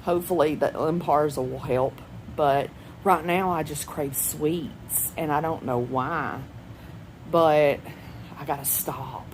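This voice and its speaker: A woman's voice: sits low, slow, slight background noise, rough recording. A woman, rambling chattily and laughing often in a personal home vlog. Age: 40s. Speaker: vlogger. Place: at home indoors.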